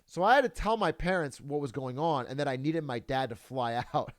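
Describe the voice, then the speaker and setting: A man's voice: mid-range voice, a little fast. A man telling a story casually, swearing freely and breaking into laughter often.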